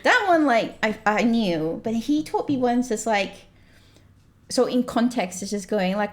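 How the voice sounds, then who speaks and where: A woman, a guest on a casual podcast, talking in a chatty, rambling way full of restarts and quick laughs. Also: on the high side, lively intonation. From Australia. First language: not English.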